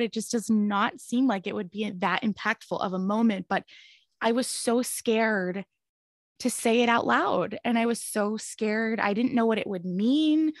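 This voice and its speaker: A woman's voice: fairly high pitch, a little slow, no echo, clean studio sound. Earnest woman telling a personal story. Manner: earnest, rambling, laughs while telling. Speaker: podcast guest.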